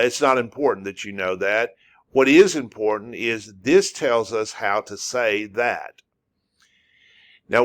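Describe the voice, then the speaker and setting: A man teaching a spoken lesson in a halting, casual way, with many fillers and restarts, drawing out sounds to demonstrate them. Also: mid-range voice, fairly bright tone. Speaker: language teacher.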